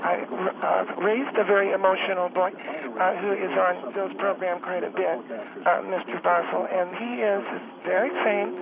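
Fry-heavy older-lady caller, put on by a man: motherly, meandering, on a tinny phone line. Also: high voice, steady tone. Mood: soothing. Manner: halting, gentle, meandering. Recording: tinny phone line with loud background noise.

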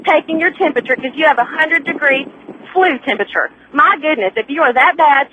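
Scornful female caller, high and bright. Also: brisk, a little hiss or hum, low-quality recording. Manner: scornful, exasperated. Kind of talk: radio call-in.

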